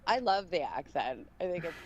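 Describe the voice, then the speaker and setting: A woman co-hosting a podcast in a blunt, playful way, swearing freely. Her voice sits a little low. The sound is dull and lo-fi, with faint hiss behind it. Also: sing-song, normal speed, darkish tone. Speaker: podcast co-host. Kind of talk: casual chat on a live stream.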